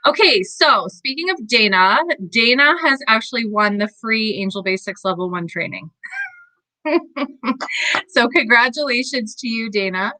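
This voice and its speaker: A woman's voice: a little high, expressive, a little slow, sharp tone, no room sound, rough recording. A woman hosting a casual live stream as a spiritual coach, effusive and gushing, laughing often between lines. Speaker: livestream host and spiritual coach.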